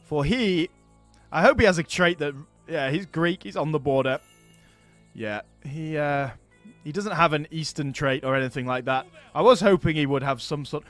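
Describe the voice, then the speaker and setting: A man hosting a strategy game let's play, chatting casually and thinking aloud, getting excited over his battles. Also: on the high side, normal speed, no echo, faint music behind. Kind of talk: casual gameplay commentary.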